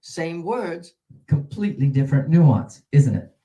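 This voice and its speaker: An older American man teaching English pronunciation, drawing out example words and swinging between loud and soft. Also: a little high, animated, unhurried, dull audio.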